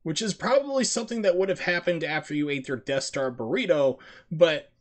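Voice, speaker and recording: A man's voice: on the high side, fairly quick. Joking, rambling male streamer. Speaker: game streamer. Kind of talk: casual live-stream chat.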